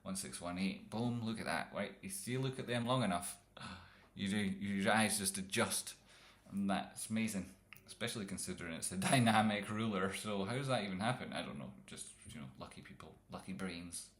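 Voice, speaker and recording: Lowish, bright-voiced man, rambling trading streamer, cracks crude jokes. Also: moderate pace, few pauses. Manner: rambling, jokey, profane. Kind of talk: live chart analysis.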